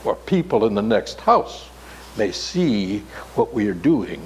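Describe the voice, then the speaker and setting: Guy putting on a sneaky monk, low and quiet, slow. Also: very animated, a little hiss or hum, poor audio. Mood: furtive. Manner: low and hushed. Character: scheming male monk, hushed and low.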